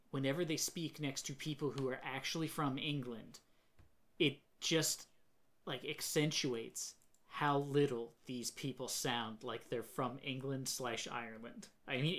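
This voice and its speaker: A man hosts a relaxed podcast conversation, his voice sitting at an ordinary middle pitch. He rants with frequent swearing and breaks into laughter. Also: moderate pace. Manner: ranting, sweary, laughs often. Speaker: podcast host. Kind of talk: casual podcast chat.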